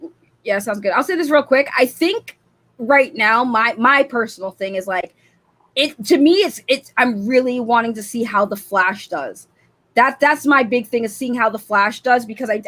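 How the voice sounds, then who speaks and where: A woman's voice: on the high side, a bit bright. Earnest, repetitive woman co-host. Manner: earnest, repeats herself, frequent restarts. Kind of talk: casual livestream chat.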